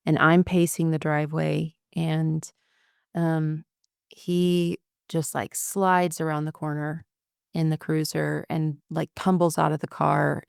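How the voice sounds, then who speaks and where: A woman in her thirties, a podcast guest, telling a painful personal story in a soft-spoken way with many ums and likes. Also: sits low, vocal fry, clean tone, no room sound, studio quality. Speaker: podcast guest, widow of a detective.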